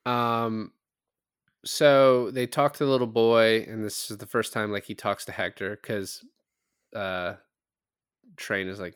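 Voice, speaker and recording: A man with a low, smooth, resonant voice talks through a movie review in a relaxed podcast chat. His humor runs dry and sarcastic. The sound is close and dry, with no room around it. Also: slow pace, pauses often, no room sound. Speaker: podcast co-host. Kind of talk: casual film review chat.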